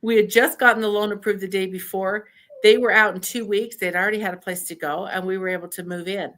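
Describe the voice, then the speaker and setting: An older woman from Idaho with a bright, forceful voice, telling stories in an easy, chatty way. She acts out what people said to her and laughs often as she goes. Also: medium pitch, fast talker. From Idaho, USA. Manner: animated storyteller who laughs often and acts out quotes. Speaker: podcast guest. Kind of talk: casual storytelling interview.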